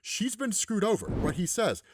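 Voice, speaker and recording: Chatty animated man in his forties. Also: high voice, normal speed, background noise. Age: 40s. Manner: chatty, with lots of "right?" asides. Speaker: comics explainer host. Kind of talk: casual recap commentary.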